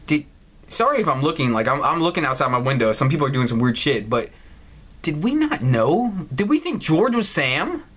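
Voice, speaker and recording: A man hosting a gaming channel, doing loud, profane let's play commentary with lots of incredulous outbursts. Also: fairly high pitch, sing-song, moderate pace. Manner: loud, swearing, incredulous, laughs a lot.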